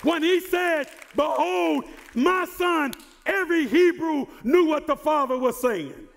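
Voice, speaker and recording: A male pastor preaching a sermon who repeats and restarts words and builds to shouted emphasis. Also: very high voice, slow, vocal fry, in a large hall, a faint crowd. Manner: repeats words and stumbles on starts.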